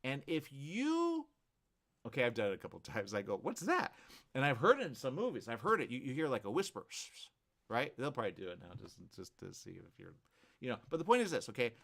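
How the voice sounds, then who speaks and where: A man hosting a live morning show, rambling through animated asides full of restarts. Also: mid-range voice, quick pace, creaky. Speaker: host.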